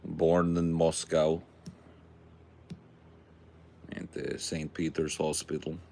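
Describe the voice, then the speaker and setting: A man putting on a mock Russian accent, playing a deadpan Russian propagandist in a joking podcast bit. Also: very deep voice, measured pace, gravelly, slight background noise, full character voice.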